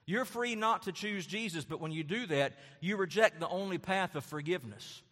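A man's voice: high-pitched, moderate pace, a bit bright. A man preaching a sermon as pastor, emphatic and repetitive, with rhetorical questions. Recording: long hall reverb.

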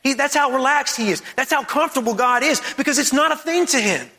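A man's voice: extremely high pitch, quick pace, pushed and bright, long reverb tail. A man preaching a sermon, emphatic and repetitive, who fires off strings of rhetorical questions.

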